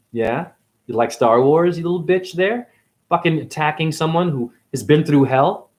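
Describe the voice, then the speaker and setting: A man delivering an angry, confrontational monologue as a self-styled spiritual teacher, swearing constantly. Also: a little high. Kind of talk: profane ranting monologue.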